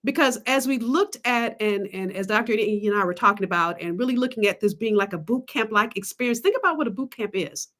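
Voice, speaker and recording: A woman business coach pitching her coaching program on a livestream, emphatic and preacherly, calling out to the audience. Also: lively intonation, brisk, few pauses, a bit bright. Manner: emphatic, testifying, calls out to the audience.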